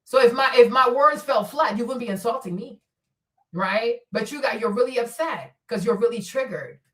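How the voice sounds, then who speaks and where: A high-voiced woman from Africa hosts a livestream rant, mocking and taunting, often breaking into laughter. Her voice sits a little back from the mic. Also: normal speed, far from the mic. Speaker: livestream host.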